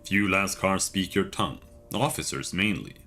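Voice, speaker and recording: A man's voice: low-pitched, lively intonation, moderate pace, bright, forceful tone, full character voice. A man reading aloud the formal lines of a stiff, careworn military woman officer.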